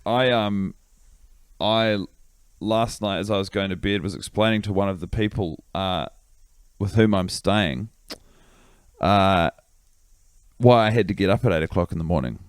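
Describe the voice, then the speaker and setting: A man co-hosting a podcast, telling stories with dry, deadpan humor. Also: deep voice, measured pace, pauses often, clean tone, no echo. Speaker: podcast co-host. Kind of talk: casual chat.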